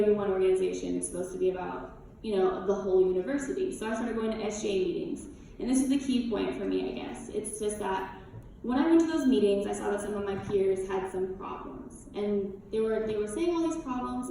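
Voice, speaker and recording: A woman's voice: medium pitch, gravelly, mellow, slight background noise. A young woman, a student, tells a personal story to a conference audience in an earnest, chatty way, with plenty of "like" and "you know". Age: young adult. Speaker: student speaker. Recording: very echoey room from far off.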